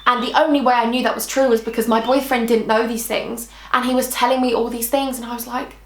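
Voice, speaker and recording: A woman's voice: on the high side, level tone, fast. A British woman in her twenties telling a storytime vlog, emotional and chatty, full of "like" and repeated phrases. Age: 20s. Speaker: vlogger. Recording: echoey room.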